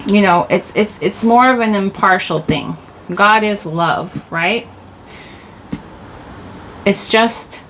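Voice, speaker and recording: Tarot reader, woman, low-ish voice, loose and rambling, home mic with a faint hiss. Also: fairly bright tone. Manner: rambling, chatty, laughs at herself. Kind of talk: casual channelled tarot reading. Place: home, indoors. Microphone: desk microphone.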